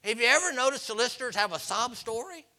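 A man preaching a sermon, telling folksy stories and acting out the people in them, his voice rising to shouts. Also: extremely high pitch, lively intonation, fast.

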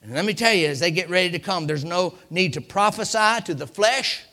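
A man preaching a dramatic sermon in a high voice. His pitch leaps and falls all the time, and the tone is bright and gravelly. He repeats phrases and swings between loud peaks and hushed lows. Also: lively intonation, fairly quick.

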